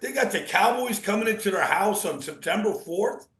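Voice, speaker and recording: A man talking as a football analyst guest, rambling and animated, with many restarts. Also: high voice, normal speed, reverberant, rough recording. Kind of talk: casual sports talk.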